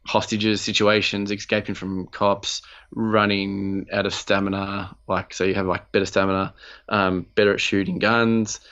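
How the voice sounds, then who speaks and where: A man's voice: sits low, level tone, normal speed, fairly bright tone, highs cut off. A man, co-hosting a podcast in loose, rambling casual chat, swearing freely. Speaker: podcast co-host.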